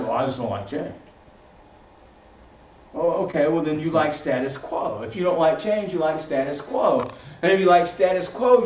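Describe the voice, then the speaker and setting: His voice sits high with a darkish tone. The man is a ministry teacher leading a church class in a recorded session, casual and repetitive, restarting phrases and adding "right?" to his points. It's dull lo-fi audio that sounds roomy and far off.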